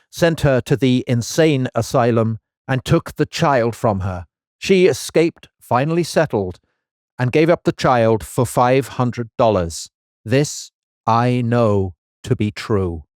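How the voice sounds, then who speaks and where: A stern older male minister in an American voice, reading out a grave denunciation, as a man puts him on. The delivery is solemn and measured, with slowed emphasis and a dry, close sound. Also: mid-range voice, a little mellow, no room sound, lightly acted. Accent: American, put on. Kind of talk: dramatic reading of a letter.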